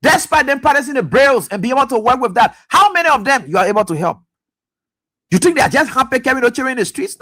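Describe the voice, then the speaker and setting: A man's voice: very high voice, big pitch swings, quick pace, a bit bright. A man hosting a radio talk show, delivering impassioned, accusatory political commentary with repeated pointed questions. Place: radio studio.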